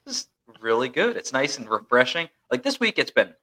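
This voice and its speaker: A young man chatting casually as a podcast co-host. His voice is bright and forward, and his pitch moves around a lot. He rambles easily and uses plenty of fillers. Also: big pitch swings, a little fast. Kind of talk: casual chat.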